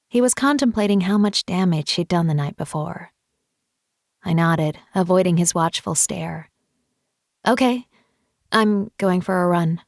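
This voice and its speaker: Gravelly, intimate woman narrating an audiobook. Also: on the low side, no room sound, clean studio sound. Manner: intimate, often soft and near-whispered reading. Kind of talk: first-person audiobook narration.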